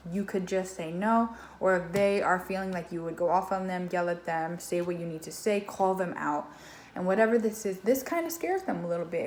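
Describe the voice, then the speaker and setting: A woman's voice: mid-range voice, a little mellow. A woman giving a casual tarot reading straight to the viewer, loose and conversational, with plenty of swearing and fillers. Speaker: tarot reader. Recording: echoey room with faint background noise.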